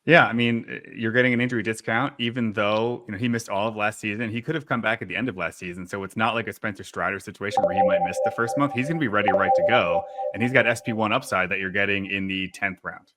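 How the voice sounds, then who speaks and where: Fast-talking bright-voiced man. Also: on the low side. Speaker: fantasy baseball analyst. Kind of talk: casual sports podcast chat.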